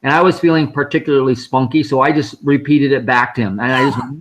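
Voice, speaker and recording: Talking fast in a medium-pitched, fairly bright voice, a man tells a personal story as a guest speaker during a fundraising live stream. His delivery is conversational and lively, full of quoted dialogue.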